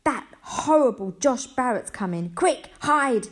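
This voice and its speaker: A woman's voice: fairly high pitch, big pitch swings, normal speed, a little mellow, voice pushed up. A woman voicing a cheeky, mischievous young boy with a bouncy manner. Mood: alarmed.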